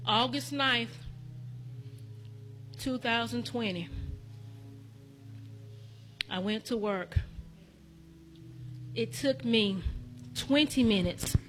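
A woman church elder delivers a testimony sermon in a high, bright voice. She takes her time, repeating her lines in a rhythmic preaching cadence and speaking straight to the congregation. Soft music plays faintly behind her. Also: drawn-out words, long pauses. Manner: addresses the congregation directly.

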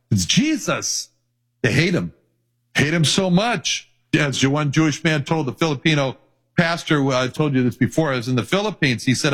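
A man's voice: mid-range voice, a bit bright, slightly rough. A man preaching a sermon in an earnest way. He repeats key phrases for weight and reads scripture passages aloud in old-fashioned wording. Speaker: pastor.

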